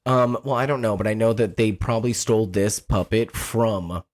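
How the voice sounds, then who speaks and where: A man co-hosting a casual podcast chat, talking in an animated, profane way and acting out movie characters. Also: fairly low pitch, moderate pace. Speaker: podcast co-host.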